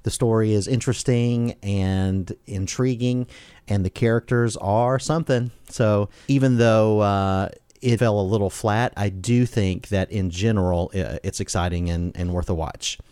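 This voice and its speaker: A man co-hosting a casual talk show, measured and wry. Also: fairly low pitch, steady tone, dark tone, clear, resonant tone, no room sound. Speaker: podcast co-host. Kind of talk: casual chat.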